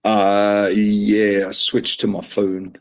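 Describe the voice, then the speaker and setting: A man's voice: on the low side, completely flat delivery, slow. A man giving short, laconic replies as a guest on a casual livestream. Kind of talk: casual chat.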